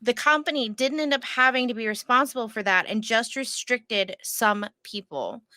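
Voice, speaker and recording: A woman's voice: a little high, normal speed, bright, forceful tone, no room sound. A woman co-hosting a casual podcast, talking emphatically and indignantly. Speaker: podcast co-host.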